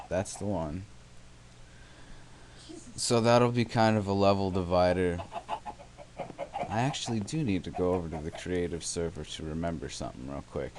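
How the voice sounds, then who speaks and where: Young guy with a deep voice rambling through a game, sarcastic, mic clicks and hiss behind. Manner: rambling, self-mocking, sarcastic asides. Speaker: let's play host. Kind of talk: casual gameplay commentary.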